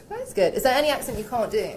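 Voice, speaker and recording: A woman's voice: a little high, slight background noise. Playful woman interviewer reading fan questions. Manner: playful, teasing, laughs often. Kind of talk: casual interview chat.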